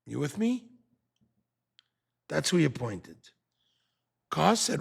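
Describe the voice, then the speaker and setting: Animated gravelly older male rabbi. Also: on the high side, slow, long pauses. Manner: animated, rhetorical questions, acts out quotes. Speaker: rabbi teaching a class. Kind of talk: Torah class with questions from the audience.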